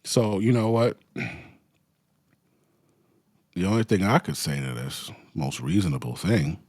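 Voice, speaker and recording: A man's voice: sits low, very animated, measured pace, a little mellow, husky, no room sound. Heated, profane man ranting. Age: adult with children. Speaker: commentary host. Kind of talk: ranting commentary.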